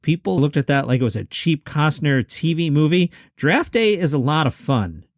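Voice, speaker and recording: Hosting his own podcast from a room at home, a man in his fifties talks through movie lists in a chatty way, tossing off wry asides. His voice is a little high and expressive. The recording is clean, studio-grade and free of room sound.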